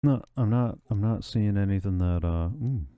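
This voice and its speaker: A man with a low voice hosts a let's-play, chatting casually over a video game. He thinks aloud in a relaxed, wry way as he decides what to do next. Faint game music runs underneath his talk. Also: normal speed, clean tone, no room sound, phone-quality sound. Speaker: gaming let's-play host.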